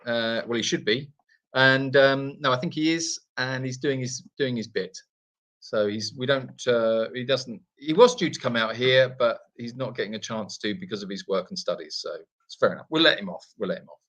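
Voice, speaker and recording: A man's voice: medium pitch, moderate pace, fairly bright tone. A man hosting a casual live Q&A from an animal sanctuary, reading viewer comments in a playful, self-deprecating way with frequent restarts.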